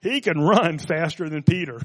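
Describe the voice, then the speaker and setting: Male preacher, relaxed and conversational, slightly raised pitch, reverberant hall. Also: normal speed. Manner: conversational, joking asides. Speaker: pastor. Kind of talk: sermon.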